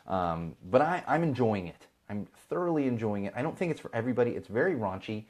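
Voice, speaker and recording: This podcast host, a man in his thirties from Chicago, USA, has a medium-pitched, slightly mellow voice that swings widely in pitch at a quick pace. The talk is a casual live-stream chat where he rants, mimics others, and drops sarcastic remarks.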